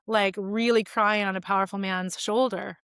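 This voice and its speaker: Woman, 40s, podcast guest; candid, reflective storyteller; mid-pitched voice; dry close sound. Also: fairly even intonation, moderate pace, a bit bright, clean tone, dry recording. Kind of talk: casual conversation.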